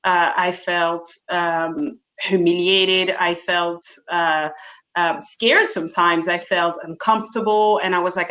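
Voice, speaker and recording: A woman bartender speaking frankly on a video-call panel, animated and laughing often, with many fillers. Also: fairly low pitch, measured pace, low-quality recording. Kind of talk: candid panel discussion.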